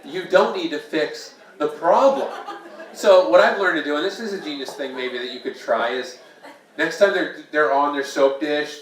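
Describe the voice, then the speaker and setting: A man works through an open mic stand-up set in a small bar, joking at his own expense and tossing asides to the crowd. The mic sits away from him in a roomy, echoing space. Bursts of audience laughter fill the gaps. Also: a little high. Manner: jokey, self-deprecating, playful crowd asides. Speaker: stand-up comedian. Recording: echoey room mic from a distance.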